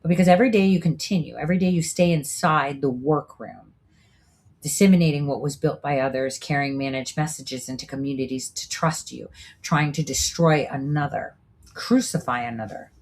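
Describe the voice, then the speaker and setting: Speaking at normal speed in a low, slightly mellow voice, a woman hosting a show gives a monologue commentary. It's preachy and profane, packed with rhetorical asides.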